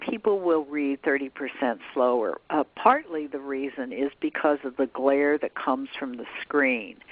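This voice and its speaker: An older woman lectures in an explanatory way, walking her listeners through slide examples. Her voice comes through a narrow, tinny channel, like a phone line, with a very dry sound and no room echo. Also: low-pitched. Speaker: plain language consultant giving a presentation. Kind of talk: lecture presentation.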